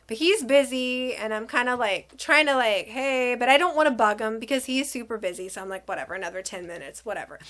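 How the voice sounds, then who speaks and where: A woman vlogger telling a story in a casual, chatty way, acting out what people said. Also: a little high. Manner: chatty, animated, acts out quotes.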